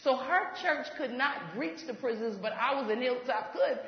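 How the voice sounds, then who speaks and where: A woman in ministry telling a faith testimony, animated and laughing as she goes, acting out what others said. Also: high voice, moderate pace. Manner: animated, laughs while talking, acts out quoted voices. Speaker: ministry leader. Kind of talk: testimony storytelling. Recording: echoey hall, dull lo-fi sound.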